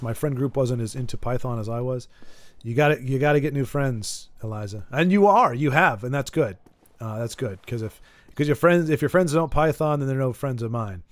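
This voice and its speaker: A man's voice: medium pitch, moderate pace, no room sound. A man from Michigan streaming a game, chatting casually with viewers and stumbling over and repeating his words as he rambles. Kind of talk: casual gameplay chat, reading viewer messages.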